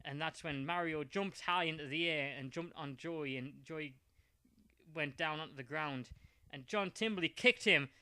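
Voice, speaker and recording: A man tells a rambling, playful improvised adventure story. His voice is bright, clear and slightly high, in a dry, close recording. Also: measured pace, no echo. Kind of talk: improvised fan-fiction storytelling.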